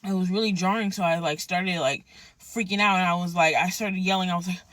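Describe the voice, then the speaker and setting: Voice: medium pitch, steady tone, a little fast, a bit bright, no echo. Candid rambling storyteller, dry close sound. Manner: candid, rambling, peppered with "bro" and swearing. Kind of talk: casual storytime monologue.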